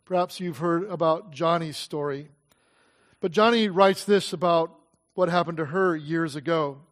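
A man preaching, telling a story in an earnest, dramatic way with slow pauses. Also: a little high. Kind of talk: sermon storytelling.

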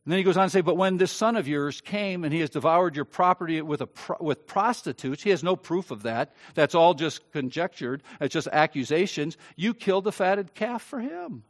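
A man pastor preaching a sermon, swinging between loud, emphatic stretches and quiet, soft ones. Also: fairly high pitch, expressive, normal speed, hardly any pauses.

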